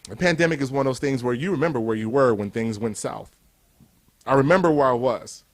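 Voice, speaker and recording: A man's voice: mid-range voice, a little fast. A man in his fifties from Cleveland, giving a motivational speech with emphatic, repeated rhetorical build-ups. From Cleveland, USA. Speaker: motivational speaker.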